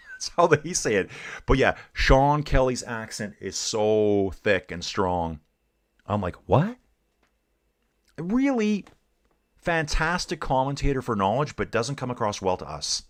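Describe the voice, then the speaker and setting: A man's voice: medium pitch, very animated, normal speed. A middle-aged man from Canada giving casual live race commentary while chatting with viewers, calling them dude and guys. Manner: laid-back, calls viewers dude and guys. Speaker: streamer and cycling commentator.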